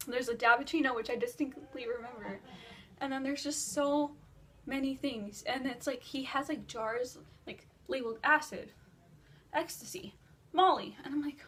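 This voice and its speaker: A teenage girl vlogger telling a dream story in casual, rambling chat, filler-heavy and animated. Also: sits high, normal speed, slight background noise. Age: teens. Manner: breathless and animated while retelling a dream.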